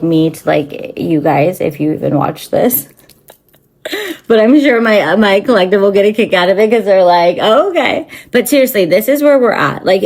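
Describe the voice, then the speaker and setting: A lowish, somewhat dark-toned female voice. She's the host of a spiritual channel, ranting to camera without a script, wandering from point to point, cursing, and constantly restarting and filling gaps.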